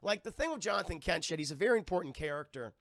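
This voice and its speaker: A man reviewing a film on a live stream to his chat, animated and profane, acting out scenes as he retells them. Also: a little high, racing, no echo, studio quality.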